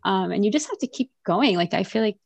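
A woman's voice: mid-range voice, animated, fast talker, gravelly, dry recording. A woman in her thirties, a French teacher and mother, chatting animatedly as a podcast guest with many fillers. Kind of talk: casual conversational interview.

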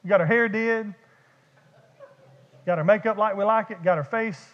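A man preaching a sermon as pastor, animated and conversational, with vivid humor and repeated words. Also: high voice, normal speed. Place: church sanctuary. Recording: dull echoey church hall.

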